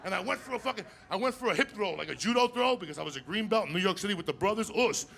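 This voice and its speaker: A man tells crude stand-up stories on a live stage. His voice is gravelly and fairly high for a man. The crowd can be heard clearly behind the stage mic. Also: expressive, a little hiss or hum. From New Jersey. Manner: crude, loud, rapid storytelling, repeating "you understand me?". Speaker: stand-up comedian. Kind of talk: stand-up comedy set. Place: live comedy stage with audience.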